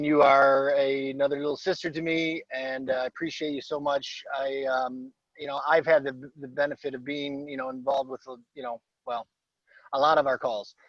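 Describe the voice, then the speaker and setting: A man with a mid-range voice rambles sincerely, filling pauses with ums and you-knows. The call audio is dull and dry. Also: medium pitch, no echo. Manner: rambling, many fillers. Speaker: group call participant. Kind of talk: casual heartfelt tribute. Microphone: video call.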